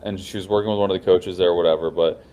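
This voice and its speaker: A man's voice: sits low, fairly even intonation, very fast, warm tone. A young man co-hosting a podcast, talking in a crude, slangy way and laughing often. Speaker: podcast co-host. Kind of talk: casual chat.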